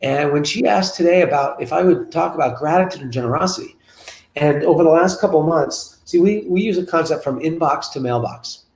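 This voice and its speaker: A man's voice: a little high, brisk, gravelly. A man in his forties, a business coach and guest on a web show interview, telling stories energetically and repeating phrases for emphasis from his office over a video call. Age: 40s. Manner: energetic, repetitive, storytelling. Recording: roomy room echo.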